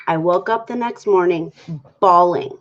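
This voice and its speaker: A woman's voice: on the low side, unhurried. A woman guest on a talk show, talking candidly about her relationship and acting out her own past conversations. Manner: candid, animated storytelling that acts out her own past quotes. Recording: dull lo-fi sound.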